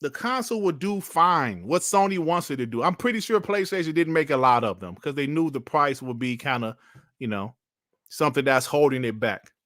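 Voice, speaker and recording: A man streaming casual commentary in a lively, mocking tone, laughing and swearing as he answers comments. His voice sits fairly high and sounds bright and sharp. It is recorded close and dry. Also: a little fast, no echo.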